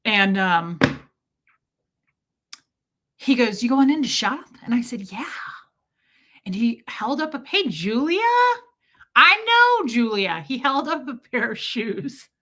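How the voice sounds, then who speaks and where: A woman's voice: a little high, sing-song, slow pace, pauses often, sharp tone. A woman telling a story on a casual livestream. She greets viewers by name mid-story and acts out the people she met in little voices.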